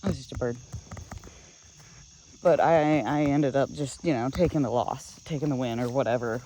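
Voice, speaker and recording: An adult vlogger rambles through a frustrated vent while walking a woodland trail outdoors, speaking at an ordinary mid pitch. The talk is loose and halting, full of fillers and restarts. Faint insects and crickets hum quietly in the background. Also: low-quality recording. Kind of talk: casual venting vlog while walking.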